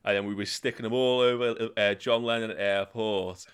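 A young man tells crude stories in casual chat, swearing freely, laughing as he goes and mimicking voices in sudden high bursts. His voice is smooth and steady at a moderate pace.

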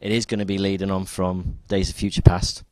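A man's voice: deep voice, level tone, brisk, a little mellow, no echo. A man co-hosting a casual podcast chat, steering through the topics with frequent ums and hesitations. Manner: hesitant, many ums while running the topics. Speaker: podcast co-host.

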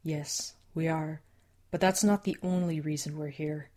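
A woman's voice: low-pitched, fairly even intonation, unhurried, dark tone. A woman voicing a friendly, teasing young male coyote shapeshifter in an audiobook, cheerful and reassuring. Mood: explaining.

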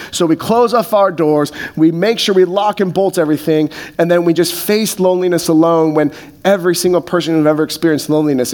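A man preaching a sermon as a pastor. He speaks in a casual, joking way with many fillers. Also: sits high.

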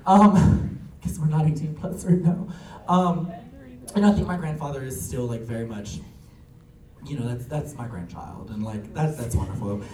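A young drag performer with a somewhat high, slightly mellow voice tells family stories casually, chatting away, laughing often, and acting out quotes with lots of "likes" and quick asides. He's off-mic, so the sound is roomy and echoey with faint ambience.

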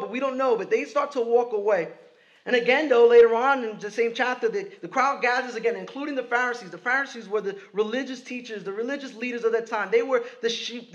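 A man's voice: very high voice, lo-fi sound. A man preaching a sermon in a conversational way, often asking "right?" and restarting his sentences. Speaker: pastor.

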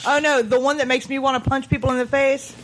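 A woman's voice: high-pitched, level tone, quick pace, slight background noise, low-quality recording. A woman from Texas with a Texan accent, co-hosting a podcast in playful, mock-exasperated banter. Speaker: podcast co-host. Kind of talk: casual banter.

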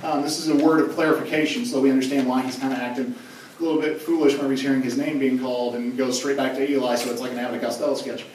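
Young youth pastor preaching in an echoey hall. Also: male voice, medium pitch, steady tone, quick pace, a little mellow, far from the mic, slight background noise. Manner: casual, joking, conversational preaching. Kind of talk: sermon. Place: large church hall.

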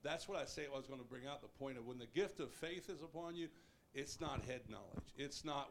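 A man's voice: mid-range voice, fairly quick, a little hiss or hum. A man preaching a sermon, telling a healing story with emphasis.

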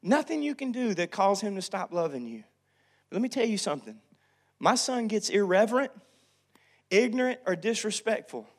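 Preaching from the pulpit, a high-voiced pastor in his thirties dramatizes family arguments, his volume rising loud and then dropping to a hush.

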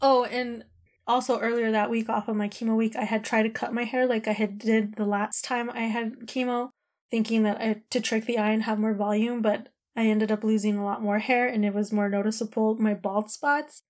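A woman's voice: a little high, level tone, normal speed, a little mellow. A woman in her thirties telling a personal story in a candid, emotional, rambling way, full of "like" and "you know".

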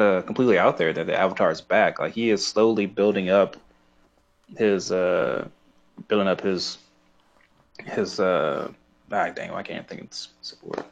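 A man's voice: sits low, moderate pace, vocal fry, pauses often, a bit bright, highs cut off. A man chatting casually as a podcast co-host, often searching for words and laughing. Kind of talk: casual chat.

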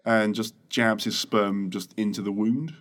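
A man's voice: fairly low pitch, fairly even intonation, a little slow, fairly bright tone. A man co-hosting a casual podcast, rambling and joking crudely as he explains things into a desk mic. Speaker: podcast co-host. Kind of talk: casual chat. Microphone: desk microphone.

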